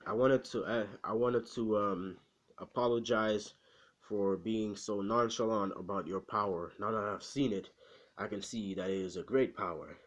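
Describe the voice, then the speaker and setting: A man's voice: on the low side, steady tone, moderate pace, close to an everyday voice. A man voicing a polite, earnest older male hero mentor in a casual retelling. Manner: formal, earnest. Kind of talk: casual retelling with quoted voices.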